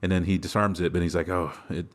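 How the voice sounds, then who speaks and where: A man co-hosting a podcast, casually retelling a film's plot with lots of fillers and quick acted-out lines. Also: sits low, steady tone. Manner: rambling recap with many fillers and laughs. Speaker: podcast co-host. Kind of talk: casual movie recap chat.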